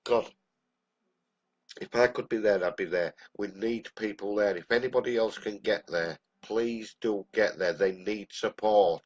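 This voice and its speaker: A man's voice: on the low side, a little slow. An older man with an English accent and a cold, ranting bluntly and angrily on a live stream. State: has a cold. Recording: dull lo-fi live-stream audio.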